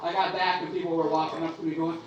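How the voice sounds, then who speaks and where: A woman's voice: fairly low pitch, little pitch movement, quick pace, lo-fi sound. Brash woman comic in an echoey club. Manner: brash, bawdy, big exaggerated delivery. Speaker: stand-up comic. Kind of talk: stand-up comedy set. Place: comedy club stage. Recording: echoey club miked from a distance, loud room noise.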